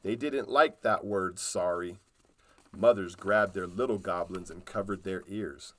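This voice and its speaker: A man reading a children's storybook aloud in a calm, unhurried way. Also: low voice.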